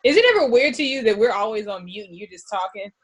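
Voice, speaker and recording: A woman's voice: mid-range voice, expressive, fast talker, slightly rough. A woman in the class asking a curious, joking question on a video call. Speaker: class participant.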